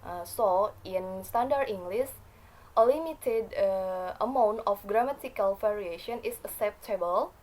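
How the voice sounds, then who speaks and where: A woman's voice: medium pitch, measured pace, a little mellow, low-quality recording. A woman reading a class presentation from notes, with frequent fillers and small slips.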